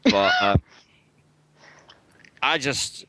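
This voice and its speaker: A man's voice: medium pitch, lively intonation, drawn-out words, bright, forceful tone, no room sound, low-quality recording. A man in his forties with a British accent, co-hosting a casual radio chat, talking bluntly and swearing often. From England. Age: 40s. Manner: swears a lot, blunt and emotional. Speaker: radio co-host.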